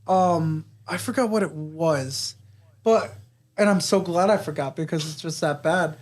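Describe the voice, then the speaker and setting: A man's voice: a little high, measured pace. A man co-hosting a podcast, casually recapping a movie plot in a rambling way, swearing and laughing. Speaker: podcast co-host. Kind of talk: casual movie review chat.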